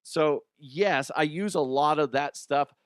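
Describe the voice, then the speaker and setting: A middle-aged podcast host who also coaches youth delivers a casual monologue, speaking bluntly, swearing freely and raising his voice to act out quotes. His voice is a little high and clean, he takes it slowly, and there's no echo.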